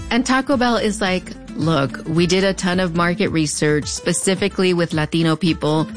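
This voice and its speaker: A woman narrator with a slight fronterizo border accent and a somewhat low voice, telling a scripted story in a wry, chatty way. She drops playful, sassy asides, and soft music runs faintly underneath. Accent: fronterizo (US-Mexico border). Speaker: podcast narrator.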